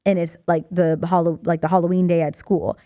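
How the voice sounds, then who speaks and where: A young woman co-hosting a podcast in a studio, telling a story in a lively way, acting out voices and laughing often. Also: on the low side, a little fast, clean tone, dry recording. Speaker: podcast co-host. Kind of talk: casual chat.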